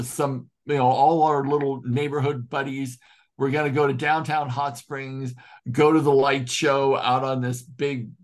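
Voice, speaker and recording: Earnest man musing in a study group. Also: mid-range voice. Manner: earnest and heartfelt, slow and reflective. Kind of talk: casual spiritual group discussion.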